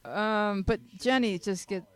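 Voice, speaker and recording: A woman's voice: mid-range voice, measured pace, a loud crowd. A woman hosting a teen panel talk show, giving frank advice in a chatty, joking way and often restarting her sentences.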